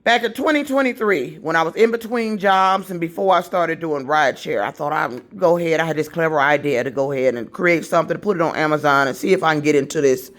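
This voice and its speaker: A woman's voice: low voice, quick pace, few pauses. A woman telling a long, rambling, profane story about her grievances in a casual vlog from her apartment. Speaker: vlogger.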